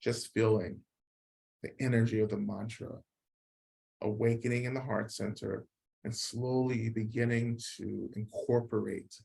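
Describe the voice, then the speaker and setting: Slow, gravelly-voiced man guiding meditation. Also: lowish voice. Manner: slow, calm guidance with long pauses; leads mantra chanting syllable by syllable. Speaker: meditation teacher. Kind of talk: guided meditation.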